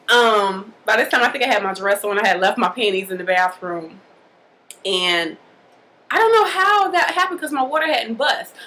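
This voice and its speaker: A woman casually telling a personal story to the camera in a lively, colloquial way, acting out the scenes as she goes. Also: mid-range voice, a little hiss or hum, poor audio. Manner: animated, colloquial, acts out the scenes. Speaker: mother telling a birth story.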